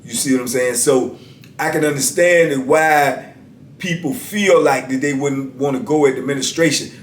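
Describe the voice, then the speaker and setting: A man's voice: medium pitch, moderate pace, slight background noise. Man telling a prison story in an echoey room. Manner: animated retelling, acting out voices of guards and inmates. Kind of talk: casual storytelling monologue.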